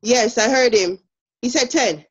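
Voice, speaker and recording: A woman teacher with a Jamaican accent giving an online lesson, brisk and encouraging, laughing often. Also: a little high, slightly rough, low-quality recording.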